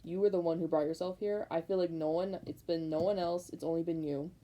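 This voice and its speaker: A woman's voice: fairly low pitch, fairly quick, rough recording. A young woman doing a casual tarot reading, rambling and repeating herself with emphatic, fired-up encouragement. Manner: rambling, repetitive, emphatic, many likes; excited, fired up. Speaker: tarot reader.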